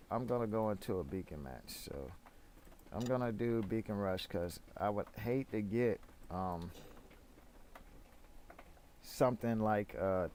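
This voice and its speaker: Low-voiced rambling male game streamer. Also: darkish tone, a little hiss or hum. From Florida. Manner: rambling, chatty, many fillers. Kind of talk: casual gameplay commentary.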